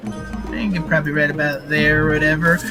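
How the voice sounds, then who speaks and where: Male player, high voice, loose rambling delivery; music audible behind. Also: flat delivery, brisk. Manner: casual, rambling with fillers. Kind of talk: casual tabletop game play.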